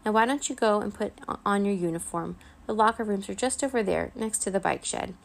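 A woman voicing a stern male schoolteacher in a storybook read-aloud, speaking in a booming, deliberate way. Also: creaky, close to an everyday voice. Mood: kind. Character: booming stern male teacher, kind to polite children.

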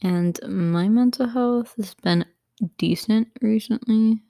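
A woman's voice: fairly high pitch, slow pace, gravelly, warm tone, no echo, clean studio sound. A young woman hosting her own podcast from home on a laptop mic, chatting casually and drifting between topics with lots of fillers. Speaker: podcast host. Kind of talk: casual solo podcast chat.

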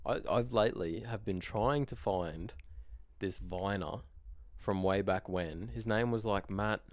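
A man's voice: lowish voice, unhurried, no echo, clean studio sound. A young man with an Australian accent, co-hosting a casual chat, rambling and laughing at his own stories. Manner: laughs often, rambling and self-mocking. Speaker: podcast co-host.

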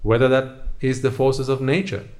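A man's voice: mid-range voice, flat delivery, moderate pace, a little mellow. A man giving a motivational talk, speaking straight to the listener with a stream of rhetorical questions.

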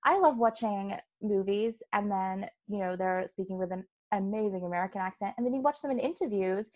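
A woman's voice: medium pitch, fairly quick, a little mellow. An Australian woman hosting a podcast, chatty and rambling, often breaking into laughter. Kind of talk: podcast conversation.

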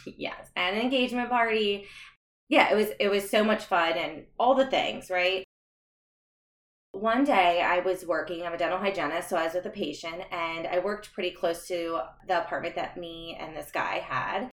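A woman's voice: fairly low pitch, moderate pace. A young adult woman telling her own story as a podcast guest, earnest and reflective, laughing now and then between remarks. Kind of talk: candid personal storytelling. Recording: roomy echo.

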